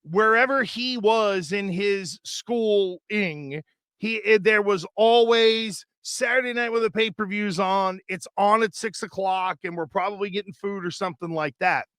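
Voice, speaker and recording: A man's voice: high-pitched, a little slow, a bit bright, clear, resonant tone, dry recording, clean studio sound. A middle-aged man hosting a sports podcast, rambling and chatty with many fillers and restarts. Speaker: sports radio host. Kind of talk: casual podcast chat.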